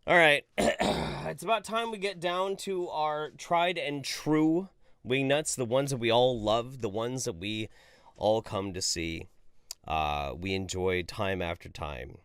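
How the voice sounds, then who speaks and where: A man's voice: medium pitch, slow, fairly bright tone, clean tone, no echo, clean studio sound. A man hosting a live stream, reading chat messages aloud in a jokey, casual way and swearing freely.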